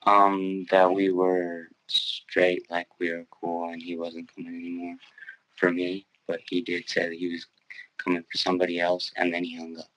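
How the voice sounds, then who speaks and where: Young man giving hesitant, flat answers. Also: sits low, normal speed, slight background noise, poor audio. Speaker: witness.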